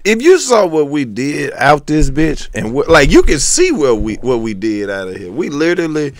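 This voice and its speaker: A man's voice: on the high side, sing-song, normal speed, no room sound. A man with a Southern US accent co-hosting a comedy podcast, rapping a crude boastful intro and then chatting and joking casually.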